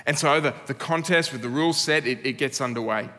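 A man's voice: medium pitch, fairly quick, few pauses, sharp tone. An Australian man preaching a sermon as pastor, earnest and laced with dry humour. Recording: long reverb of a church hall.

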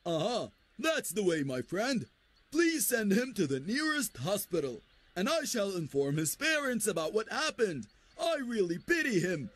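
A man voicing a kindly but bossy village elder in a dubbed cartoon, speaking loudly and declaiming. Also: high-pitched, sing-song, normal speed, exaggerated voice. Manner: loud, declamatory.

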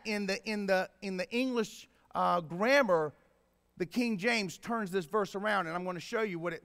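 A man preaching a sermon as pastor, swinging from quiet explaining to loud emphatic bursts. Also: sits high. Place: church sanctuary. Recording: long reverb in a church hall.

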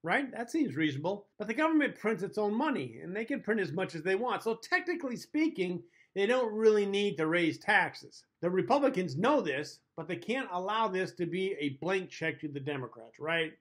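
A man hosting a comedy show, delivering a chatty scripted monologue, chuckling at his own jokes and pausing to toast his drink. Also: sits high, very animated, fairly bright tone.

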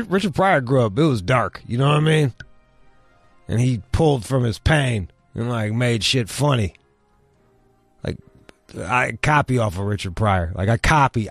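A podcast host with a medium-pitched voice, recorded dry, runs a comedy talk show. He riffs bluntly, slips into mock voices, and swears nonstop in his profane comedic commentary.

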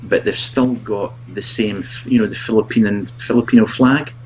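A man who reviews products, chatting as a guest in a halting, self-mocking way and laughing often. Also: on the low side, steady tone, darkish tone, muffled recording, a little hiss or hum. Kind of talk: casual video chat.

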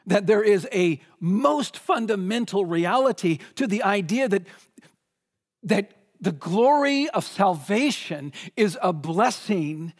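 Emphatic preacher man, high voice, hall echo. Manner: emphatic, repeats words when stressing a point. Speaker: pastor. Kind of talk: sermon. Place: church sanctuary.

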